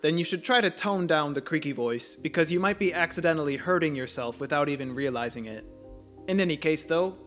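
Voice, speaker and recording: Calm male narrator, slightly high voice, methodical lesson voice-over. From United States. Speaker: language teacher.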